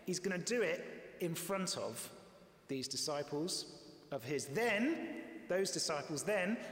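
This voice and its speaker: A man preaching a sermon in a lively, conversational way, briefly acting out the voices he quotes. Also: sits high. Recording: echoey hall with long reverb.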